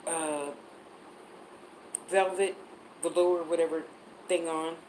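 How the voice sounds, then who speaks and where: Chatty psychic woman, low voice. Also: fairly even intonation, slow, darkish tone, a little hiss or hum, rough recording. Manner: chatty, answers viewer comments, spells words out. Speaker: psychic reader on a livestream. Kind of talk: casual livestream chat.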